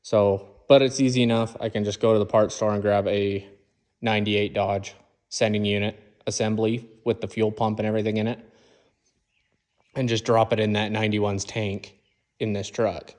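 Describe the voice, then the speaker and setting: A man's voice: on the low side, little pitch movement, normal speed, darkish tone. A man in his garage, casually explaining each step of his truck build in plain shop talk. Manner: walks through each step plainly, calls the engine "she". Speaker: mechanic filming his own truck build. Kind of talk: casual how-to vlog.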